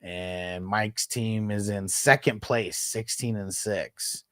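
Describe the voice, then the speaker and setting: A man's voice: on the low side, fairly even intonation, takes it slowly, fairly bright tone, no echo, studio quality. A man in his thirties hosting a fantasy football livestream, chatting casually with viewers in a laid-back, slangy way, with frequent swearing and laughter.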